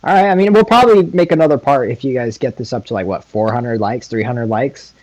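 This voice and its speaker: A man's voice: mid-range voice, fairly quick, a little mellow, rough recording. A man telling a made-up story in a casual, profane, laid-back way, laughing often. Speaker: guest YouTuber.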